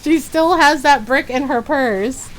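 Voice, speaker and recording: A woman streamer chatting casually while gaming, telling animated stories and laughing often. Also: sits high, unhurried, slight background noise.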